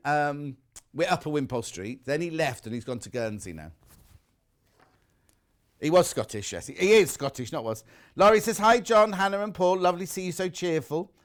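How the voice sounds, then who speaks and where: A male TV shopping host who chats live in a studio, reads out viewer messages and jokes about himself. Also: on the high side. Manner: chatty, self-mocking, jokey. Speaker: shopping channel presenter.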